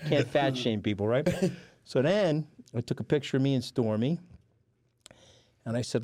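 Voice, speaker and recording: A middle-aged podcast guest from New York tells blunt, profanity-laced stories in casual chat. His medium-pitched voice is mellow, with lively intonation and a slightly fast pace, in a dry recording.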